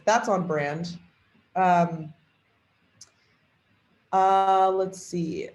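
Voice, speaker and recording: A woman's voice: lowish voice, steady tone, takes it slowly, long pauses, darkish tone. Chatty woman in an echoey room. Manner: chatty, thinking aloud with many fillers. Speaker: trainer demoing an AI character tool. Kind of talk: casual tutorial walkthrough.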